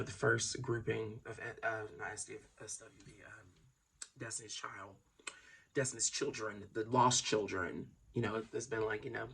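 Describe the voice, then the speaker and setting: Casual vlogger with a slow, rambling delivery and a bright, tense tone that breaks into laughing outbursts. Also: mid-range voice, creaky, breathy edge. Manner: rambling, swings between mumbling and loud laughing outbursts.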